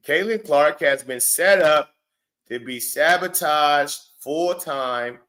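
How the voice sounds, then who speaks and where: A man's voice: mid-range voice, a bit bright. A man hosting a reaction show, talking back at a video clip in a blunt, mocking, profane rant. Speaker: show host reacting to clips. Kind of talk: heated reaction commentary.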